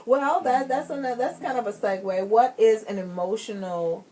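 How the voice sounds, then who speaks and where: A woman's voice: fairly high pitch, normal speed, warm tone. A woman hosting a radio talk show, laughing along and steering her guests back to her questions. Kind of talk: casual chat. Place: radio studio.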